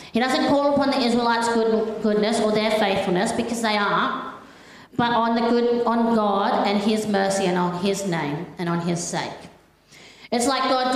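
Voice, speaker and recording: A young woman delivers a sermon in an earnest, personal way, weaving in stories from her own life. Her voice sits at a middle pitch. The recording is very echoey, as if made in a large hard room. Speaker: preacher.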